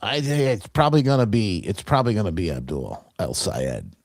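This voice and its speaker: A man's voice: on the low side, brisk, no room sound, studio quality. A male talk show host giving opinionated political commentary in a mocking way, full of restarts. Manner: mocking, animated, trailing restarts.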